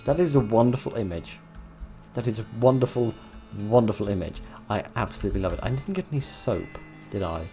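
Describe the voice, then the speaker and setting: A man's voice: fairly low pitch, expressive, fairly quick, warm tone, soft background music. A man hosting a game playthrough, reading the text aloud with dry, sarcastic asides. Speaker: gaming video host. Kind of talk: let's-play commentary and reading game text.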